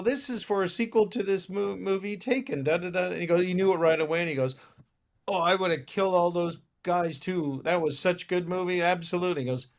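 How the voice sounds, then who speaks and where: A man, a film producer, telling anecdotes in a casual interview and acting out the lines of the people in his stories. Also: fairly high pitch. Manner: animated anecdote teller who acts out other people's lines.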